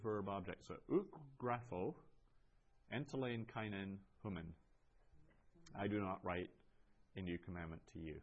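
A man teaching a language class, explaining patiently with pauses and restarts, reading phrases aloud. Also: fairly low pitch, highs cut off. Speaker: Greek teacher. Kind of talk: classroom lecture.

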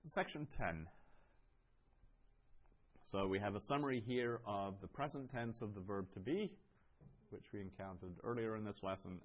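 A man teaching a language class, explaining patiently with pauses and restarts, reading phrases aloud. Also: deep voice, lo-fi sound. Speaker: Greek teacher. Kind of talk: classroom lecture.

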